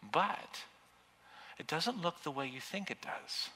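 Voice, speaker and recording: A man preaching a sermon with passion, building to loud, urgent peaks. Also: a little high, lively intonation, slow, breathy edge. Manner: impassioned, rising to near shouting at peaks. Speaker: pastor. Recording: long reverb of a large hall.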